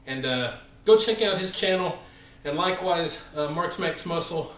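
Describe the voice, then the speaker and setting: A man's voice: fairly high pitch, moderate pace. A man in his forties with a Southern American accent, chatting casually on a fitness live stream between workout sets, rambling with lots of fillers and sounding a bit winded. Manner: rambling, filler-heavy, friendly shout-outs. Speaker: fitness channel host. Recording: echoey room, voice far from the mic.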